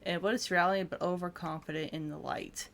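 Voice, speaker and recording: A woman with a fairly low voice holds a relaxed chat about game lore. She wanders through her points, pausing on ums and restarting her sentences as she goes. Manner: chatty and meandering, with frequent ums. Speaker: co-host of a video game lore channel. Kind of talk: casual chat.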